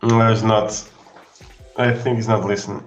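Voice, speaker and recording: A man chatting as a guest on a drawing stream while he draws, laid-back and unhurried. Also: on the low side, level tone, dull audio, faint music behind. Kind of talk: casual chat while drawing. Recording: roomy echoey mic.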